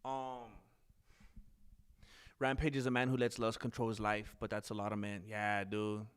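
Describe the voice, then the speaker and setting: A man's voice: lowish voice, monotone, moderate pace, clean tone. A man hosting a livestream, rambling casually and talking straight to his viewers. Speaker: livestream host reading chat.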